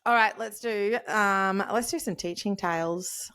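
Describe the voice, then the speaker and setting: A woman's voice: mid-range voice, unhurried, a bit bright, clear, resonant tone. A woman, a teacher hosting a podcast, chatting in a bubbly, teasing way with frequent laughter. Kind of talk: casual chat.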